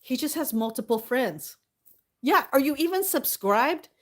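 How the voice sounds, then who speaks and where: A woman's voice: high-pitched, expressive, measured pace, fairly bright tone. Woman, livestream chatter, giggly, laughs a lot, greets viewers by name, casual. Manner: giggly, laughs often, reads out chat names. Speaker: live streamer.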